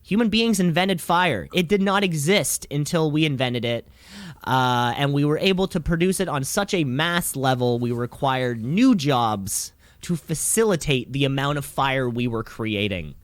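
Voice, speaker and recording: A man's voice: a little high, animated, normal speed, no echo. A young man co-hosting a podcast, chatting casually in a rambling, jokey way and laughing often. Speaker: podcast co-host. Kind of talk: casual chat.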